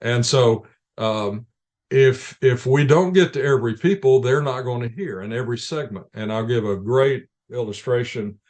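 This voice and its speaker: A man's voice: mid-range voice, normal speed, darkish tone. A man, a ministry leader, answering interview questions in an earnest, explanatory way with frequent restarts.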